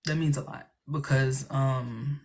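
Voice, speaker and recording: A man's voice: medium pitch, fairly even intonation, takes it slowly, a little mellow. Chatty, sarcastic man hosting a live stream. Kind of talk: casual live-stream chat.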